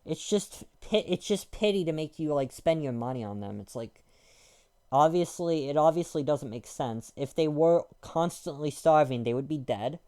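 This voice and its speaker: A young man with a dark, mellow and smooth voice delivers a rambling, irritated rant. He talks crudely and loosely, with lots of fillers and restarts. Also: on the high side, lively intonation, normal speed. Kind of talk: casual ranting monologue.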